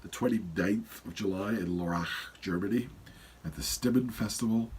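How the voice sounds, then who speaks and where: A man's voice: on the low side, moderate pace, a little mellow, slight background noise. A man in his fifties with a stuffy nose, hosting a podcast in a rambling, casual solo intro full of fillers. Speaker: podcast host.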